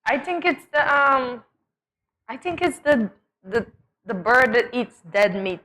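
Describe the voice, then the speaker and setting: A woman's voice: on the high side, lively intonation, takes it slowly, sharp tone. Playful laughing woman co-host. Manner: playful, laughing, explains proverbs. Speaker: morning show co-host. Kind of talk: casual studio chat.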